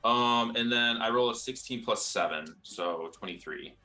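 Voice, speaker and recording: A man playing a tabletop game, chatty, thinking aloud and counting his dice out loud. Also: medium pitch, a little slow, soft background music. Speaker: player. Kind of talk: tabletop gaming chat.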